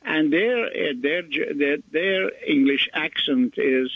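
An older man hosting a radio show, telling a rambling story in halting casual chat. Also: fairly high pitch, lively intonation, dry recording. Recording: tinny phone-line radio audio.

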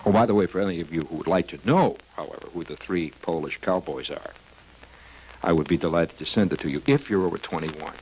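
A man hosting a rambling, whimsical comic radio monologue. He hesitates often with "uh" and breaks into squeaky silly voices. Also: darkish tone, a little hiss or hum, rough recording. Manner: whimsical, digressive, full of "uh" and sudden squeaky voices. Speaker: radio host. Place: radio studio.

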